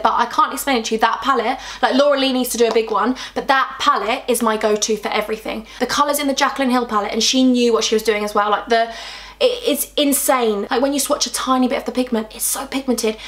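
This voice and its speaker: Young woman beauty vlogger, bubbly and effusive, slightly high voice, casual chatty delivery. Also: fast. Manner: gushing, excitable, self-deprecating. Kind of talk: casual chat.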